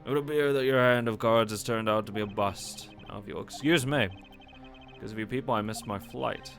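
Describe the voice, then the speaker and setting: A man's voice: lowish voice, brisk, vocal fry, a bit bright, soft background music. A man doing a smug, haughty ambassador villain.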